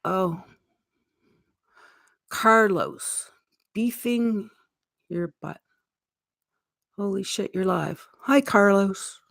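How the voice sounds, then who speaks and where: A middle-aged Canadian woman rambles through a casual live-stream chat, laughing easily as she goes. Her voice sits at an ordinary middle pitch for a woman. It is recorded dry and close, with no room sound around it. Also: very slow, gravelly, long pauses, no room sound. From Eastern Canada. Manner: rambling, chatty, laughs often. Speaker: livestream host.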